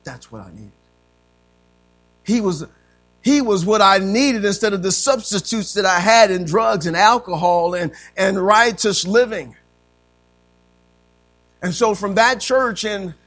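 Man, pastor, sermon testimony, strikingly high voice, loud emphatic lines falling to hushed ones. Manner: swings between loud emphatic preaching and hushed quiet delivery.

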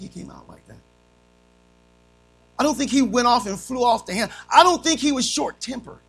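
Gravelly preacher with swinging dynamics. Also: male voice, very high-pitched, expressive, moderate pace, pauses often, faint music behind, low-quality recording. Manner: swings between shouting and soft, dramatic delivery. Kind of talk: sermon.

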